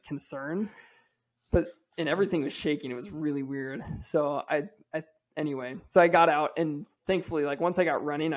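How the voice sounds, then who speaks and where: A man in his thirties, a podcast regular, telling a candid, self-deprecating story in a casual way. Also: fairly high pitch.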